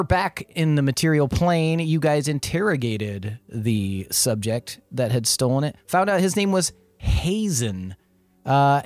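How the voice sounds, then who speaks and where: A man's voice: fairly high pitch, a little mellow, dry recording. A man narrating a recap as game master of a tabletop game, laughing now and then. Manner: laughs through his narration.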